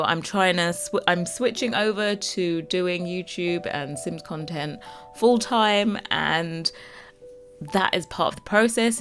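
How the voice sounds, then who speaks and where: Chatty London woman, lowish voice. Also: a bit bright. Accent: London English. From London, England. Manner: chatty and rambling, lots of fillers, self-teasing. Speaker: Sims builder and YouTuber. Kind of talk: casual chat to viewers.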